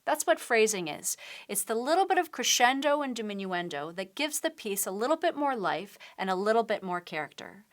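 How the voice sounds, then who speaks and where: A woman's voice: on the high side, sing-song, a little fast. A woman piano teacher giving a patient, step-by-step tutorial, explaining techniques while she demonstrates at the keyboard. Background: piano playing.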